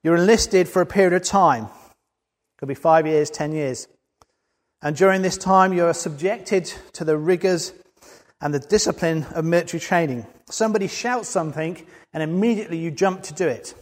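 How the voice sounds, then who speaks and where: A man's voice: fairly high pitch, normal speed. A man preaching a sermon in an earnest way, building to emphatic peaks. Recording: long hall reverb.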